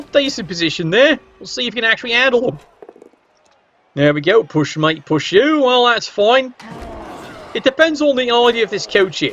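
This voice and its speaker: A man's voice: sits high, fairly bright tone. A man giving casual, wry commentary on a video game match and teasing the players. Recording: dull lo-fi recording.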